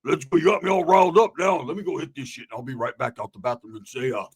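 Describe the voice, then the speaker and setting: A man voicing his groggy, drowsy old buddy, who talks in a slow slurring drawl and calls everyone brother. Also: mid-range voice, animated, slightly rough. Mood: rambling.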